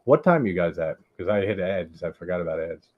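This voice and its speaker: Rambling low-voiced man on a muffled stream. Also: expressive, brisk. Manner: rambling, heavy "like" filler, laughs often. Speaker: host. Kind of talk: casual live movie-watching chat. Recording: dull lo-fi stream audio.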